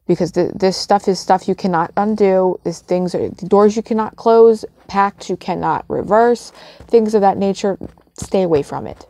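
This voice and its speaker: A woman's voice: mid-range voice, warm tone, dry recording. A young adult woman giving blunt, emphatic advice in a casual vlog, swearing freely. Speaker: witchcraft vlogger.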